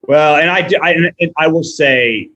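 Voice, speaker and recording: A man in his thirties chatting casually as a podcast guest, telling animated stories and quoting people in voices. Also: a little high, measured pace, muffled recording. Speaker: podcast guest, restaurant owner.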